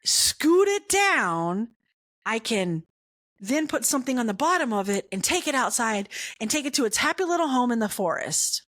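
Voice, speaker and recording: A woman hosting a podcast, telling a comic personal story with animated, dramatic emphasis and repeated punchlines. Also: fairly high pitch, fairly quick, no room sound, studio quality. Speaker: podcast host.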